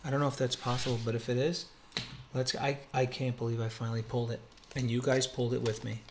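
Heavy background noise surrounds this excited pack-opening vlog, recorded in a quiet room at home. The man's medium-pitched voice carries vocal fry as he thrillingly calls out each card and exclaims when a rare one turns up.

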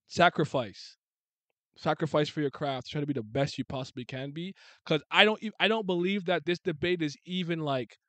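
A man hosting a casual sports chat, blunt and animated, swearing freely and restarting his sentences. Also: fairly high pitch, no echo.

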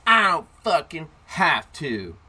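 A man putting on the voice of a defiant, foul-mouthed, out-of-shape boy of about twelve who shouts and sneers. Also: a little high, expressive, fast talker, pitched above the performer's own voice. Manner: loud, sneering, cursing.

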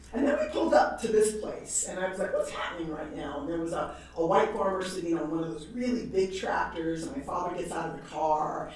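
A woman from New York giving a lecture, telling stories in a lively, humorous way. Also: low voice, slight background noise. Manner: animated, humorous storytelling with laughs. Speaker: guest lecturer. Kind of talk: storytelling lecture. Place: large lecture hall. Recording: echoey hall, voice from far off.

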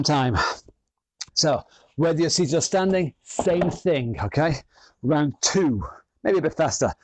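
Upbeat fitness instructor, dry sound. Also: male voice, fairly high pitch, darkish tone, no echo. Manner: upbeat, encouraging, counting down rounds. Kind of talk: online workout class instruction.

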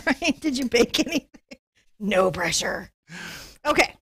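A middle-aged woman teaching a live painting lesson, telling a story in a chatty, animated way and laughing often. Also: fairly high pitch, slow, breathy edge. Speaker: painting instructor.

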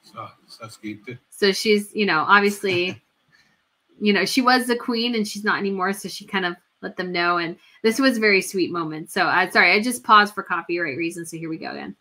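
Bright-voiced gushing woman livestream host. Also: mid-range voice, moderate pace. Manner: gushing, chatty, many fillers and restarts. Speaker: royal news livestream host. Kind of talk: casual livestream commentary.

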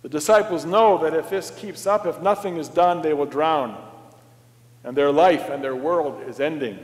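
A man preaching a sermon as pastor in a church, slow and dramatic, swinging from loud to hushed. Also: a little high, lively intonation, in a large hall. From Canada. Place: church sanctuary.

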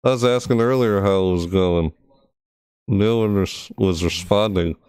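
Slow, smooth-voiced man troubleshooting his stream. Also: low voice, darkish tone, dry recording, clean studio sound. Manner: frustrated, thinking aloud, talking to chat; repeats words over and over while testing. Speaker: gaming streamer. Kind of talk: casual live-stream commentary.

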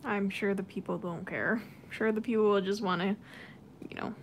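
A woman's voice: mid-range voice, fairly even intonation, normal speed, a little hiss or hum. A young woman doing her nails on a casual live stream, chatting and laughing often. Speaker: nail artist streamer.

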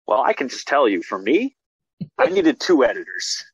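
A male filmmaker talking casually in an interview over a video call, rambling excitedly with many restarts and fillers. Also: medium pitch, normal speed, creaky, breathy edge, dry recording. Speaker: filmmaker guest. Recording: dull lo-fi video call audio.

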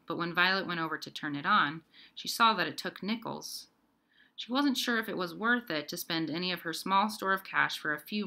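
Woman, audiobook narration, even storybook reading, low-pitched, bright forceful tone. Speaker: audiobook reader. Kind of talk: scripted narration.

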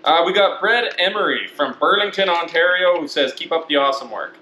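A man hosting a casual chat, upbeat, thanking supporters with quick asides. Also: fairly high pitch, expressive, sharp tone. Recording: echoey room with faint noise.

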